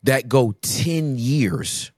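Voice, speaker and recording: A man talking as a podcast guest, telling emphatic, animated stories in casual conversation. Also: medium pitch, very slow, no room sound, studio quality.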